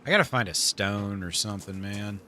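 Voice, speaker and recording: A man's voice: on the low side, moderate pace, pushed and bright, slight background noise. A man live-streaming a survival game, chatting casually with his viewers, laid-back, laughing often and swearing freely.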